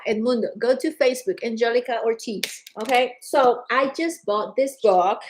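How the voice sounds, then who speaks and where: Animated woman with a non-native English accent. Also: a little high, low-quality recording. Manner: animated, emphatic, calls viewers darling. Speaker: social media host. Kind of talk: casual live-stream talk.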